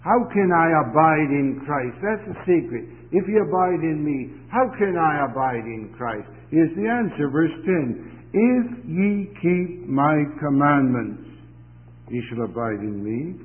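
A man preaching a sermon, reading scripture slowly and rising sharply in emphasis on commands. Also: on the high side, animated. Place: chapel. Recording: tinny phone-like sound in a reverberant hall.

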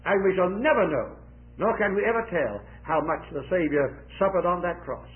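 A man preaching a sermon with an object lesson. He is dramatic, swings widely in loudness and pitch, and quizzes the children in the audience. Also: normal speed, narrow, tinny audio.

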